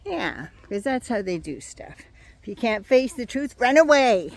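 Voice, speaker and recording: A woman's voice: fairly high pitch, very animated, a little slow, dry recording. An older woman vlogging outdoors in her yard, talking to a phone or camera held at arm's length in a sarcastic, mocking casual rant.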